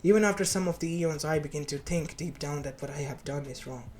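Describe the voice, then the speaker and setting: A man's voice: fairly high pitch, brisk, darkish tone, slight background noise, close to an everyday voice. A man voicing a remorseful male king of the gods in a fan story, with an earnest, apologetic manner and faint lofi music behind.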